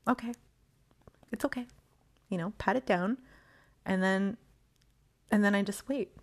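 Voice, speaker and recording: A woman's voice: mid-range voice, unhurried. A woman hosting her own podcast in a casual solo monologue, rambling with many fillers and laughs, acting out her own quoted thoughts. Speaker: podcast host.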